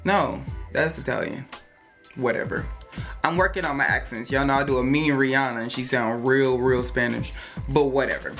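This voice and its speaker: A woman with an extremely low voice reviews hair products at a normal speed over faint music. She chats and rambles, dropping in lots of fillers and playful jokes.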